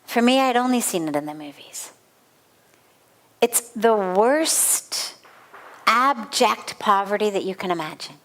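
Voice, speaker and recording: A woman's voice: medium pitch, lively intonation, unhurried, pauses often, fairly bright tone. A middle-aged woman, a spiritual teacher, giving a satsang talk and telling a personal story with earnest, vivid emphasis and repeated phrases.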